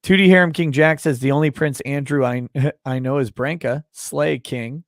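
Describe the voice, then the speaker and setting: A man hosting a livestream, chatting casually with a guest and reading viewer comments aloud with many halting restarts. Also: a little high, steady tone, no echo, studio quality. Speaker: livestream host.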